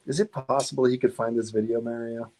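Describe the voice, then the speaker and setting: A middle-aged man chatting as a guest on a car podcast, voice sitting at an ordinary pitch. He tells his stories loosely, laughing often and tripping over restarts as he goes. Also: fairly even intonation, brisk, a little mellow. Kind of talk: casual interview storytelling.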